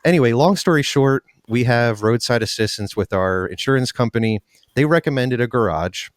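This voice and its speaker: A man's voice: medium pitch, expressive, moderate pace, no echo, clean studio sound. A man hosting an interview show, asking questions and telling a chatty story in a casual way. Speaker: podcast host.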